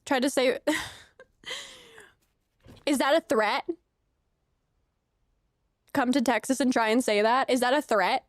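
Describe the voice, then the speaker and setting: Taking it slowly with long pauses, a high-voiced young woman streams a farming game in casual let's-play chat, rambling and laughing frequently. There's no room sound, just clean studio audio.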